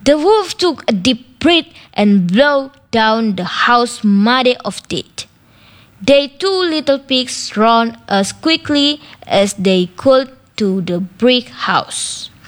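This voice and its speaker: A woman reading a children's story aloud in slow, careful storybook narration. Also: on the high side, lively intonation.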